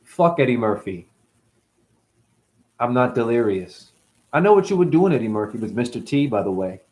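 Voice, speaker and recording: Man in his forties, rambling host, lively jumpy voice, swears constantly. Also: moderate pace. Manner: profane, rambling, jumpy pitch swings. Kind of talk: rambling livestream talk.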